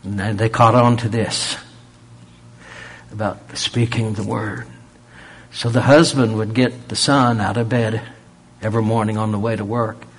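Husky preacher asking rhetorical questions. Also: male voice, fairly low pitch, little pitch movement, measured pace. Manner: rhetorical questions, swings from loud emphasis to near-whisper. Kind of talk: sermon.

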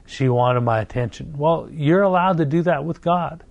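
A man's voice: on the high side, vocal fry, no echo. Earnest middle-aged male pastor, dry sound. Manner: earnest, repetitive, slow emphatic phrasing. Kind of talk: sermon.

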